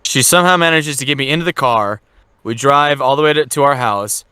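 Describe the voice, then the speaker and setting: A man's voice: mid-range voice, brisk, bright, forceful tone, clean tone, dry recording. Young male podcast host, loose profane storyteller, dry close-miked voice. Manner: crude, swearing, acts out quotes with laughs. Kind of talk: casual storytelling chat.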